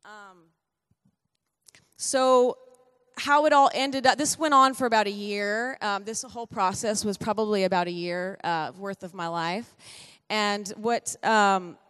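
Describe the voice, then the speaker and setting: Middle-aged woman, relaxed testimony at church, talkative and self-correcting, long hall reverb. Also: mid-range voice, measured pace, clear, resonant tone. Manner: chatty, self-correcting storyteller with light laughs. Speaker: pastor's wife giving a testimony.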